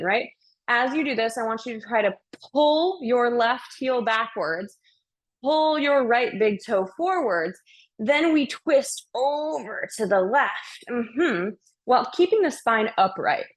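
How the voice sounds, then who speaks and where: A young woman leading a yoga class, calling out breaths and poses in an upbeat, playful way, slightly out of breath. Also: on the high side. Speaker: yoga instructor. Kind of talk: guided yoga class instruction.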